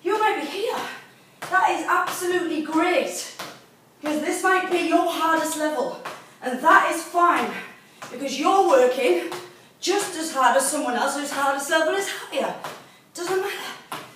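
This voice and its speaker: A woman's voice: high voice, measured pace, fairly bright tone. A woman coaching a workout video, cueing encouragement while exercising and getting out of breath. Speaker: fitness instructor. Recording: very echoey room, distant mic, faint noise.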